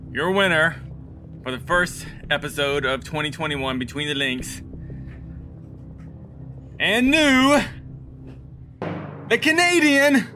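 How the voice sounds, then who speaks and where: A man acting as the guest judge, announcing the winner in a slow, ceremonious way. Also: a little high.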